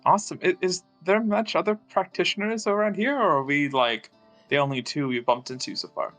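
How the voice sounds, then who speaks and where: A man's voice: high-pitched, fairly quick, a bit bright, soft background music, voice pushed up. A man playing a young male student who charms with breezy, slightly stammering talk in a tabletop game. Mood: charming.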